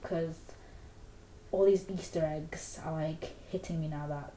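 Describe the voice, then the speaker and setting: A woman's voice: sits low, fairly even intonation, a little slow, mellow, a little hiss or hum. A young woman in casual book review chat, rambling with lots of "like" fillers. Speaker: book vlogger. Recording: echoey room.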